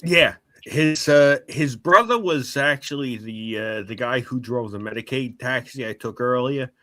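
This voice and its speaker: A man's voice: medium pitch, a little slow, a bit bright, dry recording. A man in his forties chatting casually and telling stories, a bit drunk, swearing freely. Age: 40s. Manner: swearing streetwise storyteller, tipsy from drinks. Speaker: guest on a live stream. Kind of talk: casual chat.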